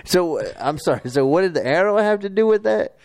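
A man's voice: high voice, lively intonation, brisk, creaky, darkish tone, low-quality recording. A man playing a folksy, stammering talk show host in an improv comedy sketch.

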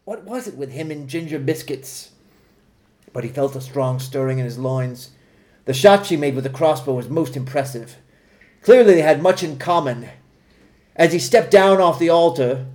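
Podcast co-host, deadpan comic narrator, slightly high voice. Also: male voice. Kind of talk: comic fan-fiction narration.

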